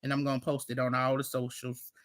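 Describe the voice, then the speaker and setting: A woman's voice: very deep voice, monotone, quick pace, no room sound. A woman co-hosting a casual chat, blunt and emphatic. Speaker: podcast co-host.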